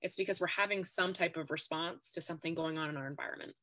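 A woman's voice: low voice, steady tone, quick pace, bright, forceful tone. A woman speaking as a guest expert on a podcast, explaining steadily and often stressing her points with "really". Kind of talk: podcast interview.

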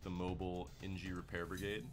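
A man's voice: low voice, level tone, fairly quick, music in the background. A man streaming a game live, chatting loosely and joking with his viewers in slangy casual talk. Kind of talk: casual live gameplay commentary.

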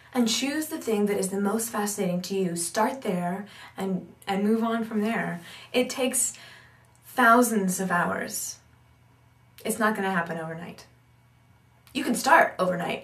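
A woman giving an animated talk as an accent coach, thinking aloud with many asides. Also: medium pitch. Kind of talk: instructional talk. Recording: roomy echo, distant mic.

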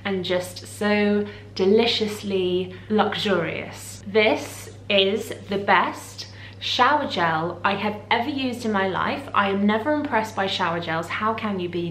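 A woman with a slightly low voice, talking in an easy, gushing vlog style, heaping praise on everything in front of her. Her voice carries a roomy echo, with a faint hum underneath. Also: fairly bright tone. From United Kingdom. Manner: gushing, effusive. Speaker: lifestyle vlogger. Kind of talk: casual vlog chat.

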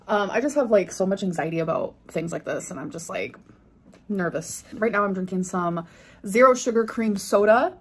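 A woman's voice: lowish voice, slight background noise. A young adult woman chatting casually in her vlog, rambling and full of "like". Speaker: vlogger.

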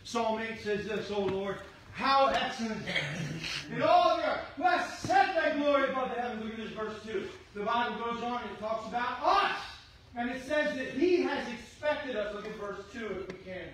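A middle-aged male pastor with a very high, bright voice, preaching with fervor and often breaking into shouts. He sounds set back from the mic in a very echoey church sanctuary, with a faint hum behind him. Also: expressive, normal speed, far from the mic. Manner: fervent preacher, shouting exhortations. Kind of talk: sermon.

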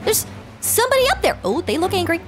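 A woman narrating a playful game story, excitable and chatty, with gasps and asides, over background music. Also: extremely high pitch, fast.

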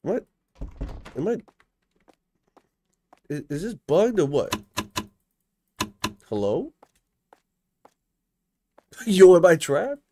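Young gamer commentating, mellow and slow, keeps repeating stuff when freaking out. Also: mid-range voice, big pitch swings. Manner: frantic, repeats words in panic. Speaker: gameplay commentator. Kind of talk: live gaming commentary.

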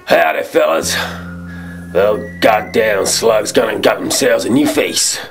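A man's voice: fairly low pitch, lively intonation, creaky, soft background music, exaggerated voice. A man voicing a menacing male snail outlaw boss with a put-on in a cartoon. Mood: scheming. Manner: threatening, slow drawl. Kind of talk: student cartoon voice acting.

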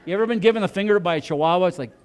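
A man's voice: high-pitched, rapid-fire. A middle-aged man doing stand-up on a club stage, telling a rambling story with lots of stammered restarts. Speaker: stand-up comedian.

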